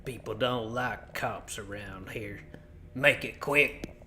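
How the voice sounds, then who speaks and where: A man's voice: lowish voice, takes it slowly, pushed and bright, slight background noise. A man voicing a surly rural man who is hostile to police, using a put-on country accent and a curt, drawling manner.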